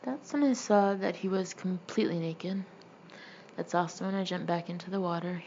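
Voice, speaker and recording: A woman narrating a first-person memoir as an audiobook, with wry, deadpan humor. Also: fairly low pitch, moderate pace, dull audio, a little hiss or hum.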